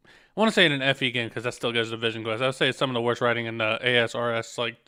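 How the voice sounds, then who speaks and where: A man's voice: mid-range voice, rapid-fire, pushed and bright, clear, resonant tone. A man streaming a game, rambling critically about its story, tripping over his words, restarting sentences and talking while eating. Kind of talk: casual gameplay rant.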